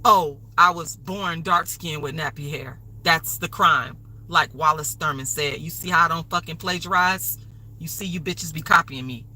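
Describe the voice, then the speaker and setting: A woman's voice: low voice, normal speed, pushed and bright, rough recording. A woman hosting a livestream, delivering an angry, profane, repetitive rant. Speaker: livestream host.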